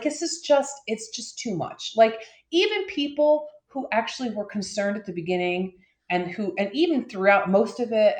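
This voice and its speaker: Woman co-host, casual and fed-up, rambles and curses, recorded in a roomy, echoing space. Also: medium pitch. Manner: frustrated, profane, rambling with many fillers. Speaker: podcast co-host. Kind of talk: casual ranting chat.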